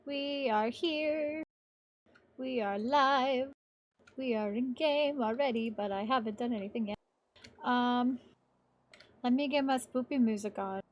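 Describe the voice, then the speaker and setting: A woman's voice: a little high, unhurried, pauses often, lo-fi sound. Chatty woman streamer, swearing casually. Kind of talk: casual live-stream chat.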